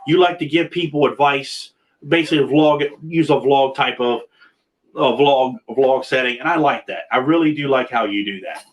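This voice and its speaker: Male host, mid pitch, loose rambling chat over a video call. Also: moderate pace. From Pennsylvania. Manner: rambling, repeats words and restarts often. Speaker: podcast host.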